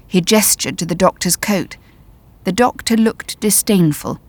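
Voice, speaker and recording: A woman narrating a story in the first person, measured and tense. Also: medium pitch, darkish tone, no echo. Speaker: audiobook narrator.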